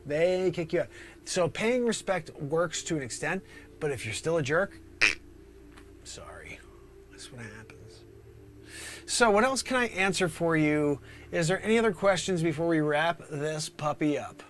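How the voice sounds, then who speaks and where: A man hosting an improvised comedy livestream, answering chat questions in an animated way that jumps into high voices and drops to whispers. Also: normal speed, slight background noise.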